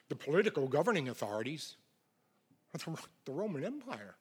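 Middle-aged pastor guy preaching, gets loud then goes real quiet for emphasis. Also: a little high, very animated, moderate pace, husky. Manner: emphatic preaching, swells loud then drops to a near whisper. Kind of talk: sermon.

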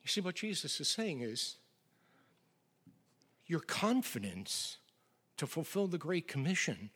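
A middle-aged male pastor preaching a sermon with emphatic swings from loud declarations to near whispers. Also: sits high, sing-song, a little slow, pauses often.

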